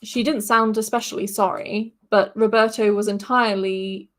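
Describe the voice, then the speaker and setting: A woman's voice: medium pitch, steady tone, moderate pace. A woman hosting a podcast, reading a fantasy story aloud and breaking off now and then for casual asides.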